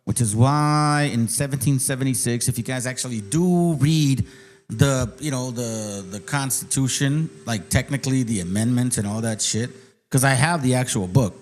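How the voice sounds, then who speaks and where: A man hosting his own channel, ranting in casual commentary, profane and mocking, sometimes reading a document aloud slowly. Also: mid-range voice. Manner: reads aloud slowly, then speeds up. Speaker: channel host.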